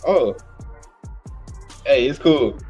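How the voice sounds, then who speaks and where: A man's voice: mid-range voice, lively intonation, drawn-out words, darkish tone, husky, faint music behind. A man, co-hosting a casual sports podcast in a playful, rambling way. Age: early 20s. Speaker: podcast co-host. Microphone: home mic, remote call.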